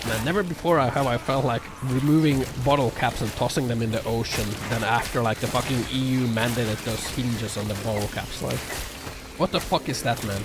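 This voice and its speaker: A man's voice: medium pitch, brisk, noisy background. A man streaming live and chatting with viewers, sarcastic and profane, rambling with lots of fillers. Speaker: livestreamer. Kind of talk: casual livestream chat reacting to viewer comments. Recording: music bed under the voice. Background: music playing.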